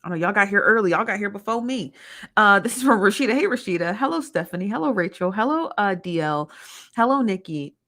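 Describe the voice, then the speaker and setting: A woman's voice: medium pitch, animated, a little fast, fairly bright tone. A woman hosting a casual livestream, chatty and slangy, greeting viewers by name. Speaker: livestream host.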